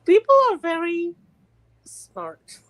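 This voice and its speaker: A middle-aged woman from California calling in to chat, animated and quick to laugh, with many restarts. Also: very high voice, low-quality recording. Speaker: caller. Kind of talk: casual call-in chat.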